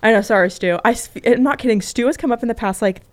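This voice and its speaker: A woman's voice: on the high side, fast talker. A young woman hosting a college radio show, chatting casually and laughing often. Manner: giggly, bubbly, laughs often. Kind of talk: casual on-air chat. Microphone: studio mic.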